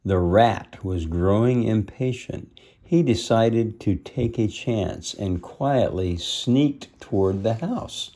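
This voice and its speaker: Slow, low-voiced man reading a storybook. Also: warm tone. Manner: stops to explain the story in simple words. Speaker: storybook reader. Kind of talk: reading a picture book aloud with asides.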